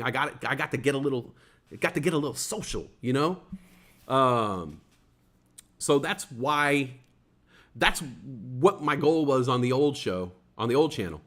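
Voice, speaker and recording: A man's voice: mid-range voice, fairly bright tone. A man hosting a casual livestream talk show, rambling and joking, with many fillers and stuttered restarts. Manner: jokey, playful wordplay.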